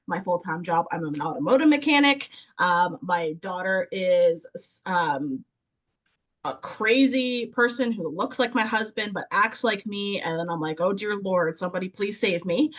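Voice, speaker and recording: A woman in her thirties, a guest on a podcast, telling stories in an animated way, acting out the voices she quotes and laughing often. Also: mid-range voice. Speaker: podcast guest, sales consultant. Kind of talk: casual podcast chat.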